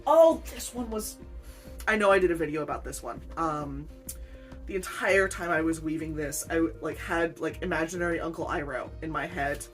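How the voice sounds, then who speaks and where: Low-voiced woman rambling casually. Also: normal speed, faint music behind. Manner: chatty, rambling, self-deprecating, laughs often. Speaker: weaver, channel host. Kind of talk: rambling casual unboxing vlog.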